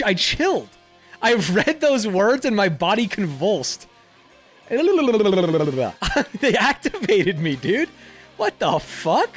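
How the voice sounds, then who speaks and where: Animated young man, lively swearing commentary. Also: a little high. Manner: animated, profane, laughs often. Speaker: YouTuber. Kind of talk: casual commentary reading a quiz aloud.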